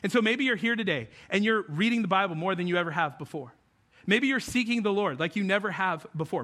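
A man's voice: sits high, bright, forceful tone. A male pastor giving a conversational sermon, often asking the congregation questions. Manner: conversational, asks the audience questions.

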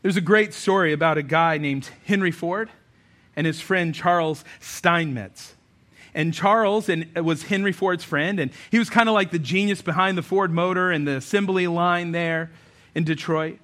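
A man's voice: on the high side, normal speed, a bit bright. A man preaching a sermon in a church that is also streamed online, talking casually and with emphasis, now and then slipping into voices of imagined people. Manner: emphatic, conversational preaching with acted asides. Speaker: pastor.

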